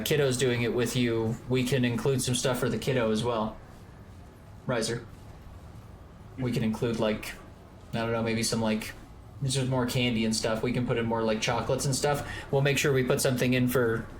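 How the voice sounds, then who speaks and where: A man's voice: medium pitch, a little hiss or hum. Rambling Southern-born man streaming games. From Georgia, US South. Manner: rambling, filler-heavy, excitable. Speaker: streamer, co-host. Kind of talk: casual gaming stream chat.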